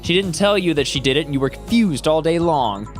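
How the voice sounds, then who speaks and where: A hesitant, wistful young woman , read aloud by a man. The voice is a little high for a man, with faint game music under it. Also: animated, a little fast, lightly acted. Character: young woman, anxious, sister of the dead girl.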